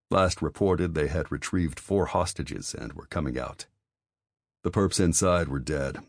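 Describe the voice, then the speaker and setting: A man narrating an audiobook in an even, measured reading. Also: rumbling low, dry recording, studio quality. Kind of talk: scripted narration.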